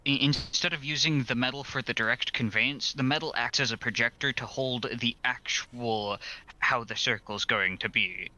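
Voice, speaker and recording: A man's voice: mid-range voice, normal speed, sharp tone, rough recording. A man in an online tabletop role-play, laying out an idea step by step. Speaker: player.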